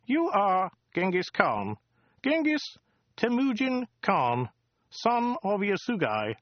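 A prim, pedantic alien bureaucrat with a thin, weaselly voice pitched far up. He stays fussily polite, reading names off a clipboard, in a dull, dry recording. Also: wildly swooping pitch, takes it slowly, no echo, full character voice. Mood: prissy. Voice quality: small, weaselly voice. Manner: fussy, politely officious. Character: prim tall male alien insulter with clipboard.

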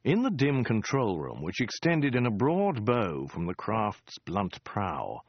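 A man's voice: lowish voice, no echo, dull audio. A man narrating a comic science fiction story in a dry, wry storytelling manner. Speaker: audiobook narrator.

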